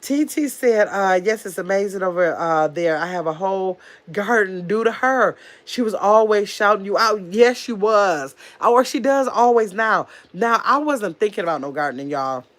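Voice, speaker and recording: A woman's voice: medium pitch, moderate pace, hardly any pauses. A woman chatting casually on her livestream, telling stories and reading viewer comments aloud. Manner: chatty, animated storyteller, reads comments aloud. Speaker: livestream host.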